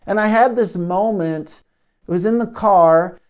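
A man, a trauma therapist, gently giving a self-help talk to camera into a microphone, soft-spoken with many pauses. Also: high voice, smooth. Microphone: studio microphone.

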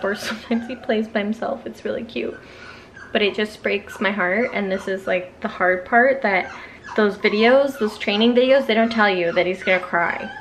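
A woman vlogs casually from her kitchen, chatting freely and often using "like" as a filler. Her voice sits at a middling pitch. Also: fairly bright tone, slight background noise. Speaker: vlogger. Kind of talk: casual vlog chat. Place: home kitchen.

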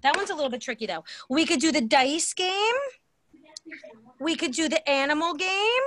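Over a video call with a little hiss or hum, a woman leads an online dance class for kids. Her voice sits high and a bit bright, with lively intonation, and she stays cheerful, slow and sing-song for the small children.

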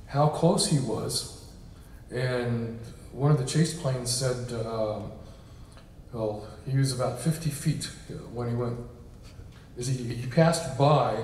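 A man serves as guest speaker in a reception hall, giving a loose, conversational lecture sprinkled with ums and uhs. His voice is medium-pitched and darkish. The echoey recording comes from a distant mic and carries slight background noise.

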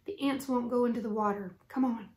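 A woman's voice: a little high, steady tone, fairly quick, darkish tone, a little hiss or hum, close to an everyday voice. A woman voicing a cautious, bookish young boy who talks things through carefully. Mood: urgent. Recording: roomy echo.

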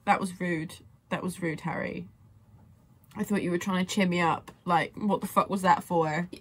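A young woman giving casual reaction commentary on a music video, gushing and excitable and swearing freely. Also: on the low side, normal speed, husky.

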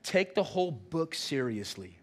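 A man, the senior pastor, preaching a sermon and acting out lively dialogue. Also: on the high side, unhurried, husky. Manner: animated preaching with acted-out dialogue.

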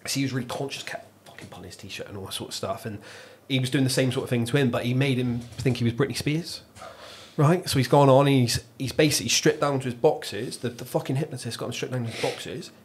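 A man's voice: mid-range voice, fast, a little hiss or hum. An English man hosting a podcast, telling an anecdote in casual chat with lots of swearing. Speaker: podcast host.

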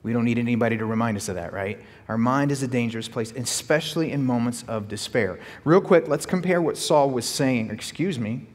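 Male pastor, slightly husky, lively sermon delivery with rhetorical questions, echoey hall. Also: mid-range voice, brisk, few pauses.

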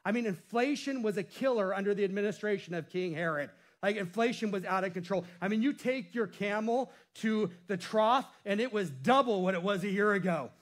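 A man's voice: high-pitched, a little fast, hardly any pauses. A male pastor preaching a sermon with a playful style, cracking jokes and laughing at himself.

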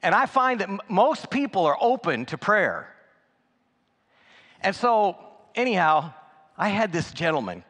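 Folksy preacher in a reverberant church. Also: male voice, high-pitched, big pitch swings, unhurried, long pauses, fairly bright tone. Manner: folksy, anecdotal, conversational with many restarts. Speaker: guest preacher. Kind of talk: sermon storytelling. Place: church sanctuary.

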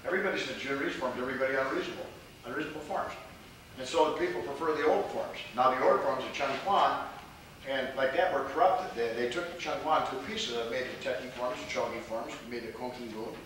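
A man teaching martial arts as a rambling lecture, repeating himself and filling pauses with fillers. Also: mid-range voice, fairly bright tone. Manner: digressive, repeats words, many fillers. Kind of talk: rambling lecture with audience questions. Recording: distant, very echoey, noisy hall.

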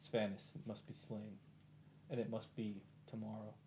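A man's voice: fairly low pitch, flat delivery, unhurried, mellow, a little hiss or hum, pitched below the performer's own voice, natural voice. A man doing a solemn, lofty male cleric. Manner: formal, archaic, solemn.

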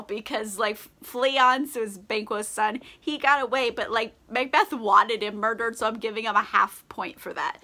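A woman's voice: a little high, sharp tone. A tipsy woman doing a casual book recap vlog, slangy and profane, leaning on "like" and laughing a lot. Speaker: book vlogger.

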